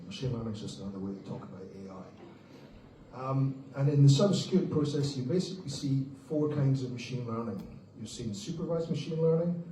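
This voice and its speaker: A man giving a brisk, joking conference talk and addressing the audience casually as folks. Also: mid-range voice, mellow, slight background noise. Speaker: conference speaker. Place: large conference hall. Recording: echoey hall, distant mic, faint ambience.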